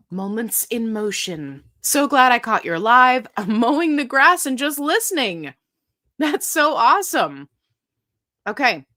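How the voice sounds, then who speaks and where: A middle-aged woman hosting a live stream, chatting casually as she reads viewer comments aloud and answers questions. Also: a little high. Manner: chatty and animated, reads comments aloud, breaks into silly sung bits.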